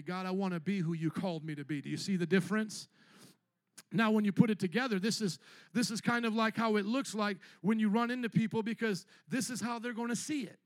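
A pastor delivers an animated sermon, his voice sitting unusually high for a man. He mimics members of his congregation and builds to ringing shouts. The sound is close and dry, with almost no room echo. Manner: animated preaching, acting out church members in put-on voices, shouting at peaks. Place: church.

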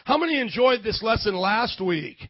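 High-voiced energetic pastor preaching. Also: male voice, moderate pace, dry recording, dull audio. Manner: energetic preaching with call-and-response. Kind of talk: sermon.

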